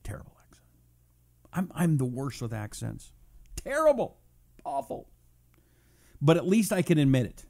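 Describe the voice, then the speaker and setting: A man hosting a live talk show, reading out viewer check-ins between quick jokes and asides. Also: on the high side, very animated, gravelly, a little mellow. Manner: jokey, breezy, quick asides. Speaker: radio talk show host.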